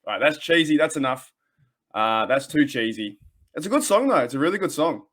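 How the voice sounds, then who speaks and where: A man's voice: on the high side, sing-song, brisk, a bit bright. A man with an Australian accent hosting a casual podcast, rambling and joking with lots of fillers and restarts. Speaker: podcast host.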